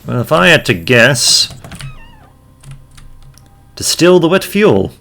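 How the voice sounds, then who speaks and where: A man's voice: on the high side, sing-song, slow, gravelly, sharp tone. A man hosting a let's play, muttering wry, casual commentary and reading game text aloud.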